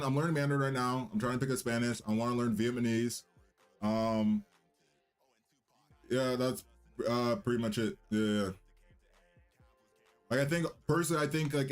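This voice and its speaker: A young man hosting his own livestream, chatting loosely and cockily with restarts and fillers. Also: mid-range voice. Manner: loose, rambling, cocky banter with restarts. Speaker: livestream host and musician. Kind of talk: casual livestream chat.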